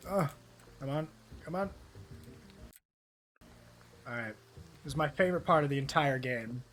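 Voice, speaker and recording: A man's voice: fairly high pitch, a little slow, fairly bright tone, faint music behind. Profane, rambling male streamer. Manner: profane, rambling, easily delighted. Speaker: game streamer. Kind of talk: casual live-stream commentary.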